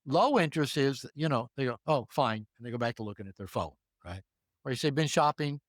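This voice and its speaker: An older man, a relationship therapist, speaks fast at a medium pitch while giving casual advice in an interview. He's lively, acting out short exchanges with changing voices, and the clean studio audio has no echo.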